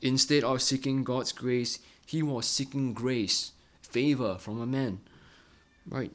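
A man's voice: mid-range voice, fairly even intonation, takes it slowly, fairly bright tone. Earnest preacher man, keeps asking "right?". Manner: earnest, ends many phrases with a tag question "right?". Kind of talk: Bible-study sermon.

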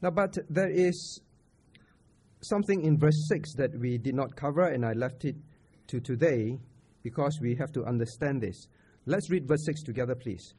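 A man's voice: mid-range voice, moderate pace, warm tone, a little hiss or hum. A man with a Singaporean English accent preaching a sermon at a church camp. He talks to the audience conversationally, asks questions and repeats his points. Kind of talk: sermon teaching on scripture.

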